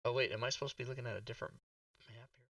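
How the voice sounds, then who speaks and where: Man, tabletop player, casual chat, joking, bright voice, a bit distant from the mic. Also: medium pitch, steady tone, racing, no echo.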